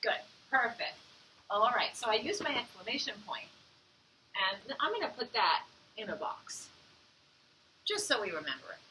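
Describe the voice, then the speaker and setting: An encouraging woman teacher leads young children through a phonics lesson and sounds out each word slowly. Her voice is bright and clear. She is a little away from the mic, with faint room noise behind her. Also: fairly high pitch, big pitch swings, recorded from a distance, rough recording.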